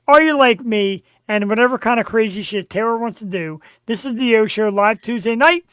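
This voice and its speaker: A man's voice: sits high, brisk, fairly bright tone, clean tone, no room sound. A man hosting a live show from his home studio, chatting casually in a brash, profane way. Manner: brash, profane, hypes the audience. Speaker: show host.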